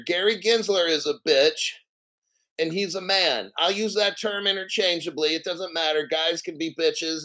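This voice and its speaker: A man hosting a casual crypto livestream, a little out of breath, talking loudly and profanely and swinging between mumbled asides and shouting. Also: fairly high pitch. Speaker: crypto show host.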